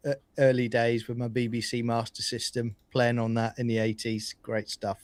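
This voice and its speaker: A man co-hosting a casual live podcast, his voice at an ordinary male pitch and sounding dry and close. He speaks with eager enthusiasm and stumbles over his words now and then. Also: monotone, no echo. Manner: enthusiastic, nostalgic, a little halting. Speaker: podcast co-host.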